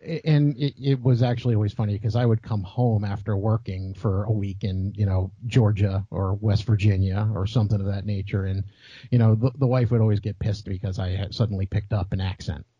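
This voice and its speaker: Mellow, husky man telling stories. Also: fairly low pitch, fairly even intonation, brisk, no echo. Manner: rambling, stumbles and restarts, storytelling. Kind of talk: casual chat. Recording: dull lo-fi sound.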